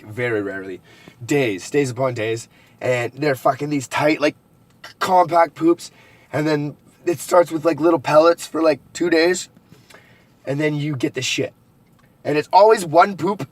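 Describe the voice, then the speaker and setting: A young man vlogging a rambling, profane confessional monologue, joking darkly as he goes. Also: fairly high pitch. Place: rural home at night, partly outdoors.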